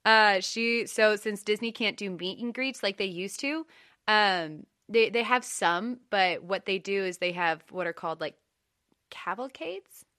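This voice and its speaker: Giggly, animated young woman co-host. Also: mid-range voice, unhurried, dry recording, clean studio sound. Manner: giggly, animated, playful with silly voices. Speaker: podcast co-host. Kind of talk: casual chat.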